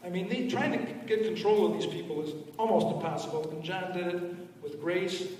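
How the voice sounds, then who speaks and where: Higher-voiced man giving a tribute. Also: fairly quick, a little mellow, slight background noise. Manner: plain, good-humoured storytelling. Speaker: attorney, speaker at a celebration. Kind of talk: anecdotal tribute speech. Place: large event hall. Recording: echoey hall, distant mic.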